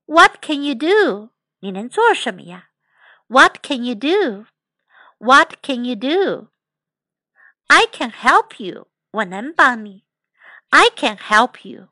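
A woman teaching English to children, repeating each phrase slowly and clearly. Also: sits high, sharp tone, dry recording. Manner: slow, clear repetition. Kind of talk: children's language lesson.

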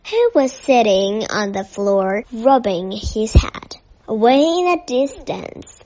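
A woman reads a children's storybook in a gentle, measured way with a slightly high voice. She speaks very slowly and evenly. The recording sounds dull and lo-fi. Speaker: narrator. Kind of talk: storybook reading aloud.

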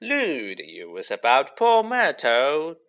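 A mischievous poltergeist with a sly, slow teasing drawl and a raised voice, as a man puts him on in a storybook reading. The tone is bright and swoops up and down. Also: medium pitch, huge pitch swings, voice pushed up, heavily acted.

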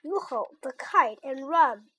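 A woman voicing a calm, patient male frog who encourages his friend, in a children's storybook read-aloud. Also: high-pitched, takes it slowly, slight background noise, exaggerated voice. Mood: encouraging.

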